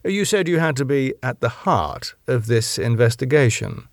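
A man as a formal police boss, measured, asks careful questions, lively pitch. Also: dry recording, studio quality, natural voice. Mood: probing. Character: senior male police chief, measured, probing.

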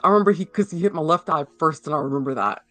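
A man giving a halting personal account in an interview, full of fillers and restarts. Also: fairly high pitch, fairly bright tone, no room sound, faint music behind.

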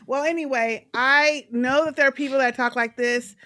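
A woman's voice: high voice, fairly even intonation, moderate pace, fairly bright tone. A woman in a casual chat reviewing a show, explaining her view at length.

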